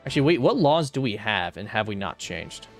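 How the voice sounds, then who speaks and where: A man's voice: lowish voice, very animated, fairly quick. Young guy muttering thru a strategy game, voice jumps around a lot, some faint music under it. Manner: thinks aloud, mutters, flares into exasperated rants. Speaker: streamer playing a strategy game. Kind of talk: casual gameplay commentary.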